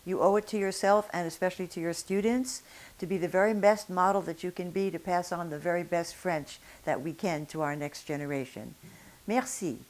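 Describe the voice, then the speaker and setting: A woman teaching French pronunciation in a video lesson, modeling sounds slowly and deliberately. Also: fairly low pitch, a little mellow.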